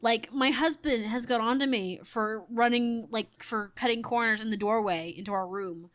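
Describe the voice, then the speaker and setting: A woman's voice: fairly high pitch, moderate pace, fairly bright tone. A woman in her thirties telling a story casually while gaming, rambling and correcting herself, with frequent laughter. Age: 30s. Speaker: gaming streamer.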